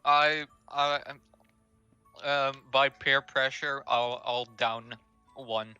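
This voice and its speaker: Young male player, slow and hesitant, smooth bright voice, faint music. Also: mid-range voice, steady tone, dull audio. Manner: hesitant, unhurried. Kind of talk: casual game chat.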